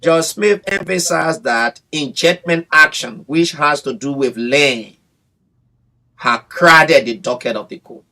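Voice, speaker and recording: A man's voice: fairly high pitch, slow pace, pushed and bright. A man, a bar association representative speaking emphatically in a radio interview, often repeating his phrases. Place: radio studio.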